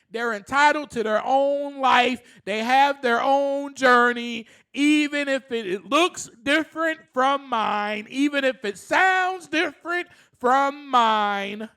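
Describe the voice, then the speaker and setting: Male self-help podcast host, very high voice, unhurried, earnest with frequent laughs. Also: sharp tone, clear, resonant tone. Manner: earnest, laughs often, rising to passionate emphasis.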